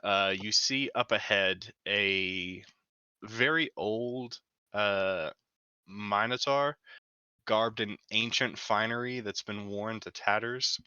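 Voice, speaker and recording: A man narrating a tabletop game as game master, halting and full of fillers. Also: lowish voice, pushed and bright, clean tone, dry recording, lo-fi sound.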